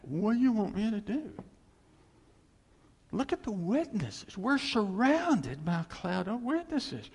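A man preaching a sermon as pastor, conversational and animated, swinging between loud bursts and soft asides. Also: high-pitched, vocal fry, husky, long reverb tail.

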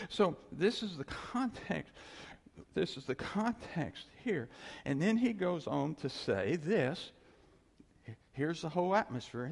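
A male pastor preaches with a gravelly, somewhat high voice that swings widely in pitch. He talks in a loose, chatty way, laughing lightly and repeating his points for emphasis. The sound carries a long hall reverb. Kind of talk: sermon.

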